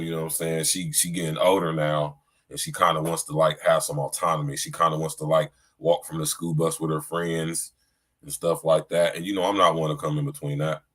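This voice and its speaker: A middle-aged man hosting a podcast livestream in a casual, slangy chat style, often saying "you know what I'm saying.". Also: extremely low pitch. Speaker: podcast host.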